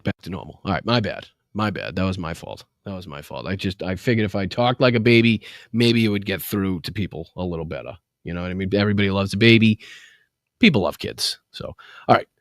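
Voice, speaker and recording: A man's voice: deep voice, lively intonation, a little fast, a bit bright, dry recording, studio quality. A man hosting a live political show, reading news with sarcastic, profane, rambling asides. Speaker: political livestream host. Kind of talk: casual political commentary.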